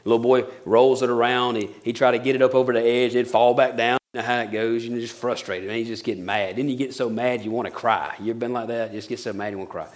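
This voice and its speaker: A middle-aged pastor delivers a sermon at a middle pitch. He preaches emphatically, repeating his phrases, then drops into soft, intimate tones. His delivery is folksy and conversational. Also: steady tone, fast talker, hardly any pauses.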